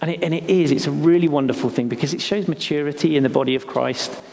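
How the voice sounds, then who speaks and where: A man giving a sermon in a casual, halting way, with restarts and fillers, then reading scripture slowly and softly with long pauses. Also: fairly high pitch, gravelly. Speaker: pastor. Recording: long hall reverb with faint ambient noise.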